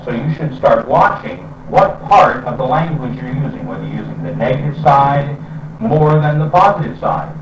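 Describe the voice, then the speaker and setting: A man's voice: a little high, animated, a little hiss or hum. Distant roomy man giving a spiritual talk. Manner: unhurried, with pauses and fillers. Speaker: spiritual teacher. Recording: roomy, distant and dull lo-fi sound with faint ambience.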